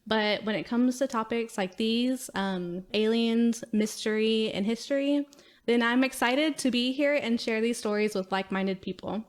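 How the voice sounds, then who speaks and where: A soft-spoken woman with a Texan accent and a slight lisp from braces, co-hosting a podcast in casual chat. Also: a little high, moderate pace. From Texas. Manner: soft-spoken, to the point, giggly. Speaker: podcast co-host.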